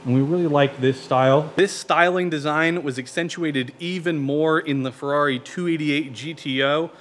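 Casual man hosting a car build vlog. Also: on the high side. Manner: relaxed, conversational, with fillers like "you know". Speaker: car build channel host.

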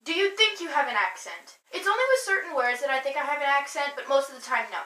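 A woman's voice: high voice, expressive, quick pace, sharp tone, roomy sound, rough recording. Chatty teenage girl. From Minnesota. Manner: chatty, apologetic, reads words aloud carefully. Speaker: vlogger. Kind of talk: casual vlog, accent challenge.

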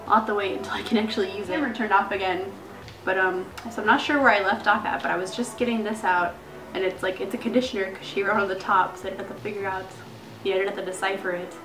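A young woman vlogger chatting casually as she unboxes beauty gifts, gushing and excited. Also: medium pitch. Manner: bubbly, gushing, lots of "like" and "so cool". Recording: echoey room with faint music.

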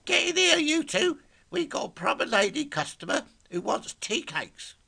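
Picture a bossy London kitchen matriarch bellowing loud and high across a garden in a spoken story, as an older man puts her on. She sounds commanding and sharp, with a London accent, pitched well up from the storyteller's natural voice. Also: very animated, moderate pace, vocal fry, exaggerated voice. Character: bellowing middle-aged London woman cook, bossy.

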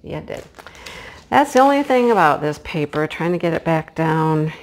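A woman chatting casually to her viewers as she unboxes a craft kit, gushing with excitement. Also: low voice, moderate pace. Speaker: craft vlogger.

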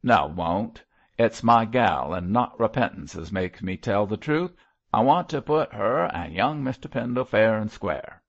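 A man voicing a surly, defiant prisoner who growls his lines in rough, aitch-dropping speech. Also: fairly low pitch, lively intonation, a little slow. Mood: sullen. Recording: muffled lo-fi recording.

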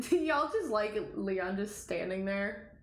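A woman's voice: medium pitch, animated, takes it slowly, reverberant. A young woman streaming a horror game, chatting with viewers and shrieking at the scares. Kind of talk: live game commentary.

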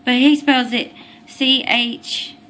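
Slow, high-voiced woman vlogger. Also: steady tone, fairly bright tone. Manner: chatty, apologetic, gets tongue-tied. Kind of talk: casual baby-name vlog.

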